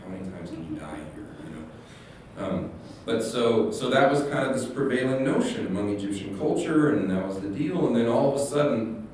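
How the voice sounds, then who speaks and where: Man preaching casually in an echoey church. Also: low voice. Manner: rambling, animated storytelling with many restarts and quoted asides. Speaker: pastor. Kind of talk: casual sermon. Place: church sanctuary. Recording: echoey hall, distant mic, faint hum.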